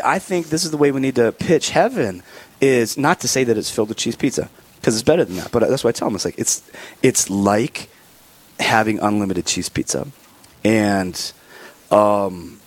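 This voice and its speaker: Man, husky and lowish, rambling vlog-style Christian speaker. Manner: rambling, with many restarts and fillers. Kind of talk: casual vlog talk.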